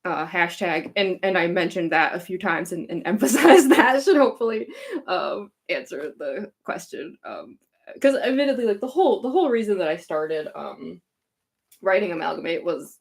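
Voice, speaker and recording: In this casual livestream chat, a fanfic author hosting a live Q&A speaks with a fairly low, gravelly voice, lively intonation, and normal speed. She is a young woman from Chicago who sounds Californian, and she rambles and giggles in a valley-girl way, full of likes and ums.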